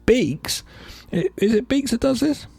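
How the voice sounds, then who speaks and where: Man, podcast co-host, lively swooping pitch, dry close sound, casual film chat. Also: a little slow, creaky, breathy edge, no echo. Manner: animated retelling with voices of film characters.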